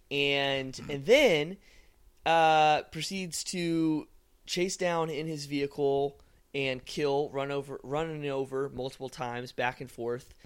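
A man from Texas co-hosting a podcast, retelling a movie plot in a rambling, animated way full of fillers. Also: mid-range voice, smooth. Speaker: podcast co-host. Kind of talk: casual movie chat.

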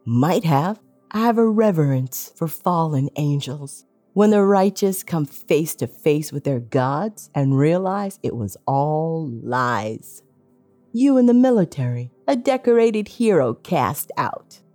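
A woman's voice: low voice, expressive, takes it slowly, dark tone, soft background music, exaggerated voice. A woman voicing a scheming male villain with a cold, sneering, taunting manner in an audiobook. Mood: mocking.

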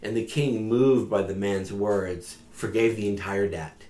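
A man's voice: on the low side, steady tone, a little slow, warm tone. A man retelling a parable in a casual storytelling sermon, with fillers along the way. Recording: echoey room.

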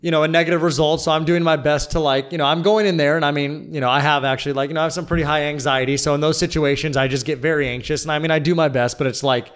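A man's voice: on the high side, fairly even intonation, very fast, hardly any pauses, a bit bright. A young man chatting casually on a podcast, venting and rambling with lots of fillers. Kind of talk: casual chat.

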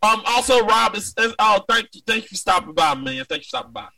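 A man's voice: sits high, quick pace, recorded from a distance, soft background music, poor audio. A man co-hosting a casual sports chat, ranting and swearing with lots of energy. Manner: profane, ranting, animated. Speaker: podcast co-host.

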